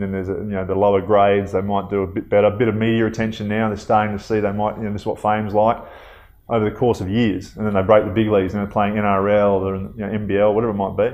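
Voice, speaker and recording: A fairly low-voiced Australian man in his thirties is an interview guest telling stories casually. He's relaxed and conversational, pausing on fillers and drifting into asides, and the high frequencies in the recording are cut off.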